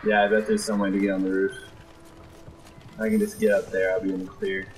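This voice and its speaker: Excitable young man commenting on gameplay. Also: on the low side, a little fast, a little hiss or hum. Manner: excitable, jokey, often does silly voices for enemies. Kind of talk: let's play commentary.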